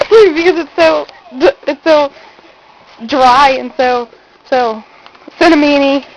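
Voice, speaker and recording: A young woman with a high voice talks into her own camera in a casual vlog. She sounds nervous and giggly, stalling and stammering, a little shaky. A faint hiss sits under her voice. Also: slow, rough recording. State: shaky from not eating. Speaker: vlogger. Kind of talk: casual self-recorded vlog.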